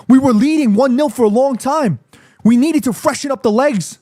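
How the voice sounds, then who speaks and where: Heated high-voiced ranting football fan. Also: male voice, expressive, moderate pace, mellow. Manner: heated, ranting, profane, addresses chat directly. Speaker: football watchalong streamer. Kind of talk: live fan reaction stream.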